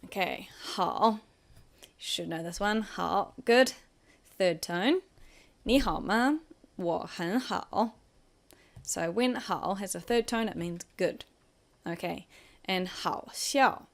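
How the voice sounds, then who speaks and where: A woman's voice: fairly low pitch, slow, gravelly. A woman teaching a vocabulary lesson, patiently explaining each word and modelling the tones. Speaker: Chinese language teacher.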